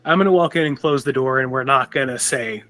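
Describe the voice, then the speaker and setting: A man's voice: medium pitch, fast, a bit bright. Blunt, matter-of-fact male player. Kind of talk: casual tabletop role-play.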